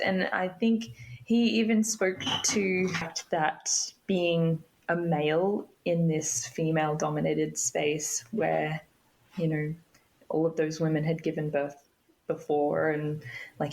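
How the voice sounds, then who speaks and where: Young woman, podcast guest, lowish voice with vocal fry, reflective storyteller. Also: level tone, takes it slowly, a little mellow, low-quality recording. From Australia. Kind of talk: personal storytelling interview.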